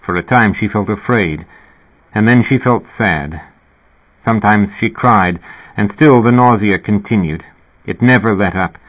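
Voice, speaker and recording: A man narrating a novel in a measured, even reading. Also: on the low side. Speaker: audiobook narrator. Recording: narrow, phone-like sound.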